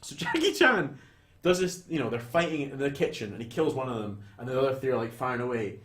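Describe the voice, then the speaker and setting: A young Scottish man tells a film's plot in loose, animated chat, swearing as he goes and slipping into the voices of the people on screen. His voice sits at an ordinary middle pitch. The room has a noticeable echo. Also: fast talker. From Scotland. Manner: animated storytelling, swears freely, acts out lines from scenes. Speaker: podcast co-host. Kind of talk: casual film recap chat. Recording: roomy echo.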